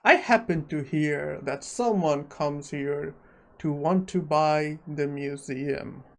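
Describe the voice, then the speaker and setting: A man's voice: a little high, slow pace. A man voicing a cool, dismissive young hero. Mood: offhand. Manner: offhand, dismissive.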